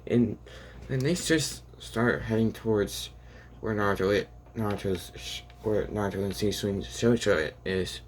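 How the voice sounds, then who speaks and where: A young man casually narrating an improvised fan story, rambling and halting with many fillers and restarts. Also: on the low side, slight background noise.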